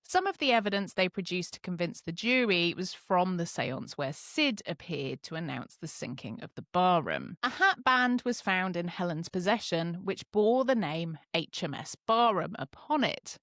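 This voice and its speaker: British woman, podcast co-host, animated pitch, dry close-mic sound. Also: normal speed, few pauses, no echo. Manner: narrates a case, laughing often between lines. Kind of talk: casual storytelling podcast.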